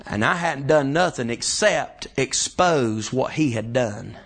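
Male pastor, fiery pulpit delivery, animated pitch, bright tone. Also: slow. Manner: impassioned preaching, shouting climaxes. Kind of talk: sermon.

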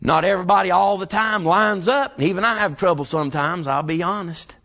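A man preaching a sermon, building from calm scripture reading to shouted climaxes. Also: high voice, fairly quick. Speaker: pastor.

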